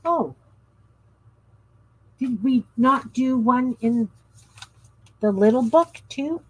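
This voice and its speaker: A woman's voice: fairly high pitch, expressive, drawn-out words, breathy edge. A woman in her fifties hosting a craft livestream, chatting casually in a rambling, easily sidetracked way. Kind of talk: casual chat while crafting.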